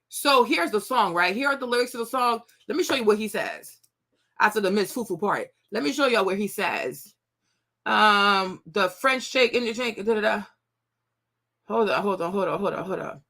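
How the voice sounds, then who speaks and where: A woman in her thirties hosts a commentary show, chatting casually with her viewers in a fairly high-pitched voice. She's animated and repetitive, and she laughs often.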